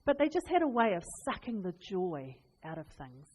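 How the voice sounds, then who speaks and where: A woman preaching a sermon, telling funny family stories with laughs and lively asides. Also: mid-range voice, normal speed, slightly rough, muffled recording. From New Zealand. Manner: animated, laughing, chatty anecdotes. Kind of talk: humorous storytelling sermon. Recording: long reverb in a hall.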